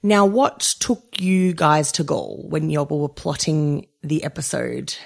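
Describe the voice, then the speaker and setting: A woman's voice: sits low, expressive, takes it slowly, creaky. A woman hosting a podcast, chatty and playful, making jokey introductions. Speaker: podcast host. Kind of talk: casual chat.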